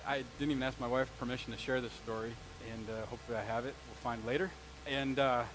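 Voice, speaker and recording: A man in his forties, a pastor preaching a sermon in a conversational, animated way, with stories and asides. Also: a little high, a little hiss or hum, rough recording. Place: church sanctuary.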